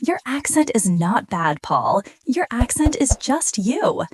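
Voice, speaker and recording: A woman hosting an English-learning podcast, explaining patiently and clearly in a scripted, slow teaching dialogue. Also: a little high, very animated, dry recording, studio quality.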